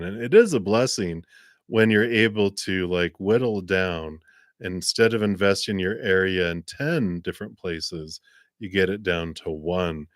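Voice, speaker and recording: Low-voiced gentle male tarot reader. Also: no echo, clean studio sound. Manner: gentle, encouraging, spiritual; casual with fillers and soft laughs. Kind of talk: live-stream tarot reading.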